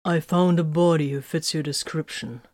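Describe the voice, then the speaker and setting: A woman voicing a steady, dutiful male sergeant who speaks calmly and plainly in an audiobook. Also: deep voice, normal speed, dry recording, clean studio sound, natural voice.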